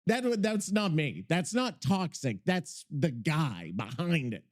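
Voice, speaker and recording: High, lively-voiced profane podcast host. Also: male voice, takes it slowly. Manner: profane, scattered, self-interrupting, working while talking. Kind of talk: casual rambling podcast talk.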